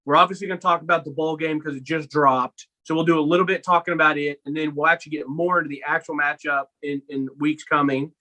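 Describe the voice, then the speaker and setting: A young man co-hosting a casual sports podcast, telling stories in an animated way and acting out his own lines. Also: on the high side, fast talker, hardly any pauses, rough recording. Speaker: podcast co-host.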